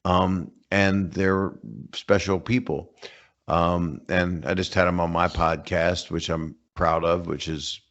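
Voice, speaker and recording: Older comedian guest, lowish voice, rambling wry jokes, muffled lo-fi call audio. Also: male voice, level tone, slow, fairly bright tone. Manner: rambling, joking, wry asides. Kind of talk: casual interview chat over a call. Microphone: remote call connection.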